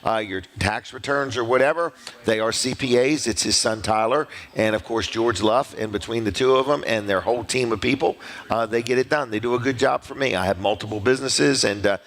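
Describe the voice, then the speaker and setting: Middle-aged man, local show host, folksy and rambling, mid-pitched voice, casual ad reads. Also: a bit bright. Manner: folksy, rambling, repeats phone numbers slowly.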